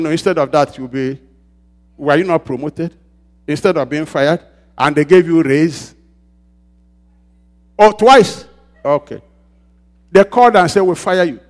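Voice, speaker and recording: A man preaching a sermon, asking the congregation to finish his sentences and swinging between loud shouts and quiet asides. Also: fairly high pitch. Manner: call-and-response preaching, asks the congregation to fill in words.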